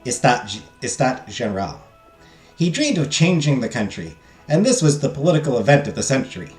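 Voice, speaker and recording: A medium-pitched man with a quick, sing-song delivery reads narration from a text game while streaming. He breaks it up with jokey, self-deprecating remarks to his chat, let's-play fashion. Faint game music and a roomy echo are audible.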